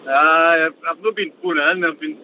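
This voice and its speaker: An older Scottish man from Fife phones in from his truck, talking in a chatty, rambling way and repeating words as he finds his thread. His voice sits a little high for a man. The call sounds muffled, with a faint hiss behind it. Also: quick pace. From Fife, Scotland. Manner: chatty, repeats words when starting a thought. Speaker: caller, truck driver. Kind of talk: casual call-in chat. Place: in his truck while driving.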